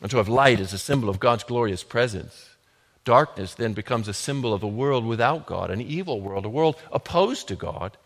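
A man preaching a sermon, building from quiet, measured lines to loud, emphatic declarations. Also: mid-range voice, animated. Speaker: pastor. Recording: long hall reverb.

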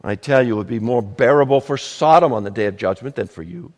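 A pastor preaching a sermon, emphatic and measured, with dramatic pauses and rhetorical questions. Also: male voice, medium pitch, lively intonation, darkish tone, long reverb tail.

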